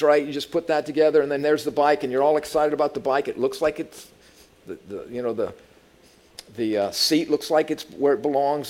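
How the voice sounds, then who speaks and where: Male Bible teacher; casual, funny storytelling sermon, fairly high-pitched. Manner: humorous storytelling, asks the audience questions. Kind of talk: conversational sermon.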